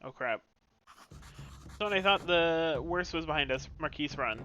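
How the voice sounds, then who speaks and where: A man's voice: a little high, lively intonation, normal speed, pushed and bright, muffled recording. A man reading game dialogue aloud for a stream, doing every character in his own voice.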